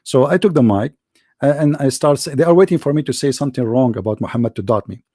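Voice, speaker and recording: A man's voice: medium pitch, fast talker, dark tone, dry recording. Mocking man telling stories, dry close mic. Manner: mocking, laughs at his own stories, repeats words. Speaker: livestream host debating callers. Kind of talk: casual storytelling rant.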